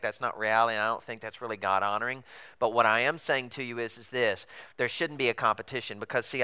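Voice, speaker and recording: A male pastor delivering a sermon in a conversational, animated way, full of rhetorical questions. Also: medium pitch, clean tone.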